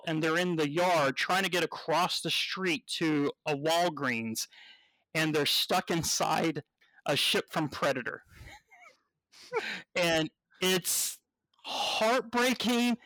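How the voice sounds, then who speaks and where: A man hosting a casual podcast, enthusiastic and laughing easily, with some casual swearing. His voice sits a little high. The recording is dry and close. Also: fairly bright tone, dry recording, rough recording. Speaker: podcast host. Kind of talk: casual chat.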